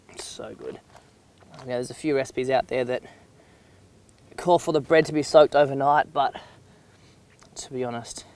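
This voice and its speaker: An enthusiastic young man walks through a recipe in a casual, chatty way at an ordinary, middle pitch. Clear music plays underneath his voice. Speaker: cooking show host. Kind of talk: casual cooking demonstration.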